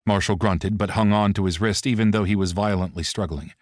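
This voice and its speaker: A male audiobook narrator with a low-pitched voice, reading in a steady, expressive storytelling manner. The recording is very dry and close, with no room sound. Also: fairly quick, no echo.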